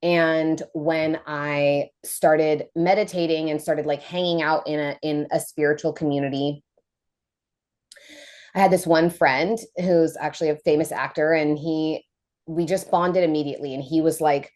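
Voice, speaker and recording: Low-voiced woman telling a story. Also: normal speed. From United States. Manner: animated, acts out quoted voices. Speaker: podcast guest. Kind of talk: casual storytelling interview.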